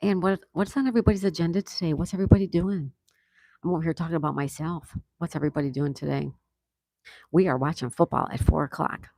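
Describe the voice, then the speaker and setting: Gravelly-voiced man reading chat. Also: on the high side, fast, darkish tone, dry recording. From United States. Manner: reads viewer comments aloud and reacts, laughs often. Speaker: livestream host reading chat. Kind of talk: casual live chat.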